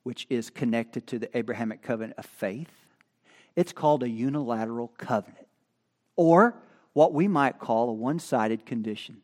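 A man preaching a sermon at a church, moving from quiet teaching to loud emphatic peaks, with chatty asides. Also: medium pitch, normal speed. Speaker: pastor. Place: church sanctuary. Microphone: stand microphone.

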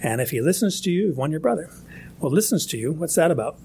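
A man's voice: on the high side, sing-song, fast talker, vocal fry, a little mellow, a little hiss or hum. A man preaching a sermon in a conversational, emphatic way, often restarting his phrases. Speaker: pastor.

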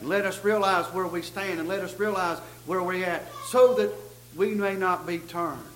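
High, bright-voiced man preaching a sermon. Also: roomy sound, slight background noise, low-quality recording. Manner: repetitive stammering restarts, folksy rising emphasis. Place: church sanctuary.

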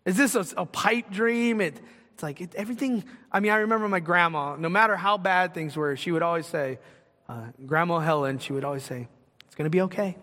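A man's voice: high-pitched, brisk, bright, forceful tone, big-room sound. A man preaching a sermon as pastor, in a conversational style that builds to emphatic, rising points.

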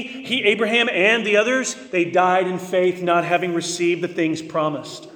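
A man preaching a sermon as pastor, earnest and emphatic, slowing to stress key phrases. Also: high voice, reverberant, in a large hall.

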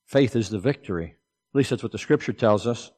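A man preaching a sermon, swinging between loud, emphatic declarations and low, hushed asides. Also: expressive, brisk, long reverb tail.

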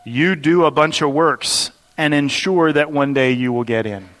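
A man preaches an earnest, explanatory sermon, his voice sitting a little higher than most men's. He works through the text and poses rhetorical questions to the congregation. His words ring out with a long reverb in a church sanctuary. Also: measured pace, fairly bright tone. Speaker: pastor. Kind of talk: expository sermon.

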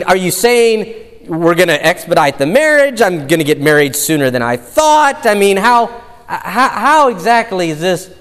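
A man's voice: high-pitched, fairly bright tone, in a large hall, voice pushed up, full character voice. A man voicing an innocent young woman, earnest and confused, who hesitates and repeats herself.

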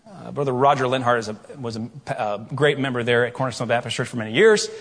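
Animated preacher in a reverberant hall. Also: male voice, medium pitch, fast talker. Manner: storytelling, animated, shifts from quiet asides to loud questions. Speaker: pastor. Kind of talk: sermon.

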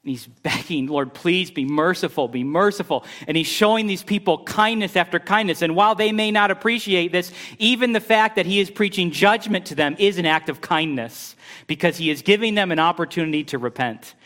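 Animated, higher-voiced preaching man. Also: brisk. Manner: animated storytelling, rising pitch when exasperated. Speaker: pastor. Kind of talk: sermon.

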